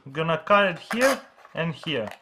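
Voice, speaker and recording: A man's voice: fairly high pitch, sing-song, normal speed, very noisy. A man filming a casual how-to vlog, enthusiastically showing life hacks in loose, non-native English and chatting to his dog. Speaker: vlogger demonstrating life hacks.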